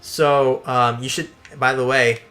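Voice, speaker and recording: A young man hosting a casual gameplay video, telling a school story in an animated way, swearing and laughing along. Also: medium pitch, takes it slowly. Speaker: let's play host. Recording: faint background game music.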